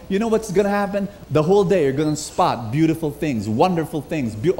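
High-voiced Filipino preacher leading a crowd. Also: male voice, fast, few pauses, slight background noise. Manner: energetic, leads the crowd in repeating phrases. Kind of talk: sermon with call and response. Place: large hall with congregation.

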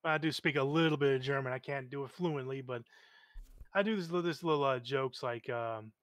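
A man talking politics in a casual discussion, animated, often stumbling over repeated words and acting out quoted voices. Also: mid-range voice, brisk, dry recording. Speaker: guest.

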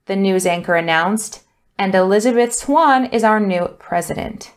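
A woman teaching an English punctuation lesson, explaining rules clearly and deliberately while reading example sentences aloud. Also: mid-range voice. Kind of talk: grammar lesson.

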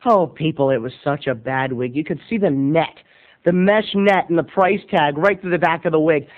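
A man in his thirties, an animated, giggly video blogger telling a comic story straight to his viewers. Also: on the high side, normal speed. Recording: tinny lo-fi webcam audio.

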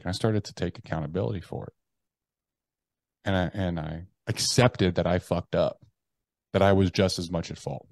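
A man's voice: deep voice, steady tone, moderate pace, vocal fry, pauses often, a little mellow, no echo. A man in his thirties, a podcast guest telling his story candidly, blunt and profane, often restarting his sentences.

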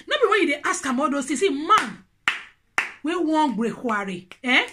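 A woman speaking Nigerian Pidgin, giving casual relationship advice in an animated, preachy and playful way. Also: sits high, moderate pace, noisy background. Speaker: vlogger.

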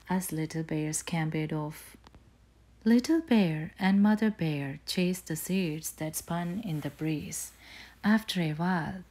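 A woman reading a bedtime story aloud, slow and gently soothing. Her voice sits low and warm, mellow and a little husky, often sinking to a breathy hush.

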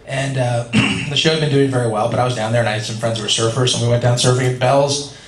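A man's voice: medium pitch, fairly even intonation, quick pace. A man in his forties from California, telling stories at a convention panel in a chatty, self-deprecating way and laughing often. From California, USA. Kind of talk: casual Q&A storytelling. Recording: echoey convention hall with crowd.

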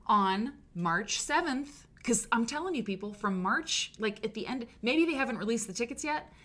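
A woman hosting a live stream show, chatting excitedly and rambling with lots of fillers. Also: on the high side, fairly quick. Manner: gushing, animated, rambling with many fillers.

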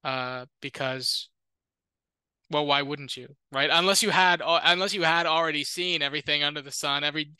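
Bright, crisp-voiced man teaching scripture. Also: fairly high pitch, steady tone, normal speed, no room sound. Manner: discursive, informal, with joking asides. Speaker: Lutheran Bible teacher. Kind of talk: reading and commenting on an ancient text.

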